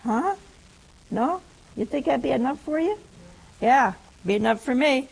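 A woman's voice: high-pitched, animated, a little slow, vocal fry, a little mellow, breathy edge, low-quality recording. A woman preaching a humorous teaching sermon, teasing and chatty as she talks straight to her listeners.

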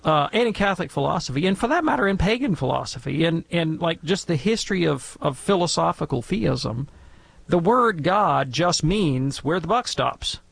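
A man's voice: on the high side, expressive, normal speed, creaky, a bit bright, husky. A man answering listener questions on a call-in radio show, explaining ideas casually and wandering off into jokey tangents. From Alabama, USA. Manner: rambling, digressive and jokey, with playful tangents. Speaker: guest theologian answering questions.

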